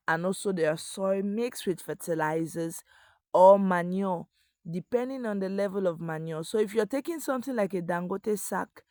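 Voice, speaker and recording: A woman's voice: on the low side, darkish tone, no echo. A woman explaining how to plant crops in an earnest instructional voice-over, speaking straight to the viewer. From Africa. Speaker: agriculture video host. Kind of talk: voice-over explaining crop farming.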